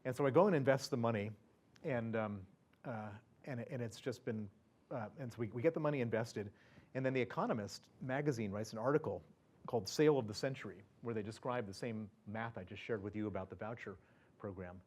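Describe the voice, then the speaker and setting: With a medium-pitched, darkish voice and a slightly fast delivery, a man speaks as a guest at an event. He relates a personal story in a loose, chatty style, full of fillers, restarts and chuckles.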